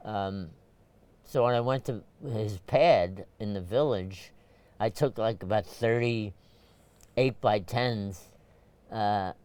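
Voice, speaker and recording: An older man from Brooklyn, telling stories at a rambling pace, full of fillers and restarts, and clearing his throat often. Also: fairly low pitch, takes it slowly, long pauses, darkish tone, dry recording. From Brooklyn, New York. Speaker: photographer, interview guest. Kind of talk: casual storytelling interview.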